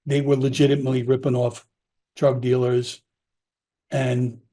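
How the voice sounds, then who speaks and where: A man's voice: mid-range voice, flat delivery, a little slow, warm tone. A middle-aged man, a former police officer telling his story in an interview, emotional and profane, acting out the people he quotes. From Long Island, New York.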